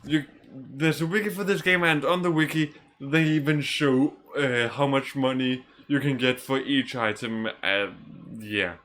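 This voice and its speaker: A man's voice: medium pitch, unhurried, few pauses, a bit bright, a little hiss or hum. A very tired man giving laid-back, swear-heavy commentary while playing a video game, often stopping and restarting his words. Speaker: gaming channel host. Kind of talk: casual let's-play commentary.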